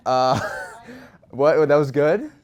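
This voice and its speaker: A man's voice: on the high side, animated, drawn-out words. A man hosting a live talk show, joking and teasing between questions. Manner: joking, playful asides.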